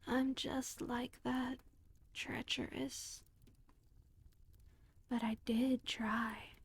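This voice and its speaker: A woman voicing a treacherous talking skull in a whispered role-play, speaking quickly and urgently in a soft whisper. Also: on the high side, level tone, gravelly, slightly rough, heavily acted. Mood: sorry.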